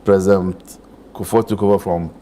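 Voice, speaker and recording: A man's voice: low voice, steady tone, normal speed, mellow, slight background noise. Insistent man debating. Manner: insistent, argumentative. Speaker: member of parliament guest. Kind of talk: heated panel debate. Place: TV studio.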